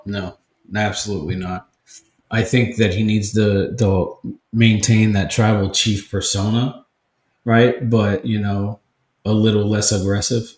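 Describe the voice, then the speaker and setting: A man's voice: fairly low pitch, flat delivery, measured pace, a little mellow. A man co-hosting a podcast in casual, enthusiastic chat, saying dude and like. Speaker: podcast co-host. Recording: roomy echo.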